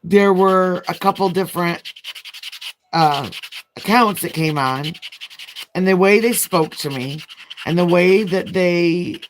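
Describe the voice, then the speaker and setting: A woman's voice: lowish voice, takes it slowly, long pauses, a little hiss or hum. Chatty woman rambling while doing nails. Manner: chatty, rambling, frank storytelling. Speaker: nail vlogger.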